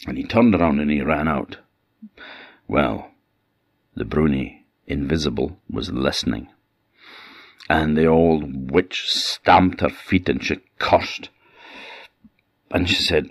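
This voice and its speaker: A man with an Orcadian accent telling a traditional folktale with lively, dramatic delivery. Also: rumbling low, a little slow, no echo, muffled recording. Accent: Orcadian Scots. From Orkney Islands. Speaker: traditional storyteller.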